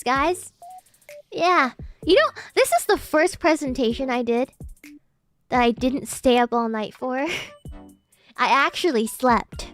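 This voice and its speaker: High-voiced giggly woman streamer. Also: expressive, takes it slowly, long pauses, faint music behind. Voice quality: formerly very nasal, now loosened. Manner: self-described posh, slightly uppity-sounding English; giggly, reads chat messages aloud and thanks viewers. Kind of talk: casual chat with live chat.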